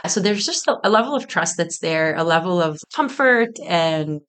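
A young woman in her twenties recounts a story as a podcast guest. Her voice sits a little low but swings widely in pitch as she gets animated. She laughs often and leans on "like" between her phrases. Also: normal speed. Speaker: guest, tea business co-founder.

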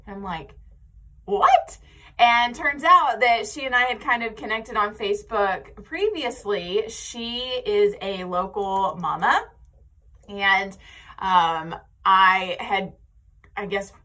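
A woman's voice: medium pitch, slow, sharp tone, a little hiss or hum. An American woman in her thirties hosting a podcast in casual, chatty talk and laughing often. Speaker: podcast host. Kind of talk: casual chat.

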